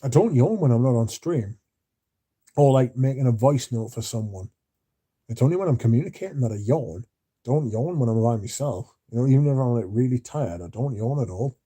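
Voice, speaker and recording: Sleepy man, dark husky voice. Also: mid-range voice, lively intonation, fairly quick. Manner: drowsy, yawning, mumbles at times. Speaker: livestream host reading chat. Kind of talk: casual rambling chat.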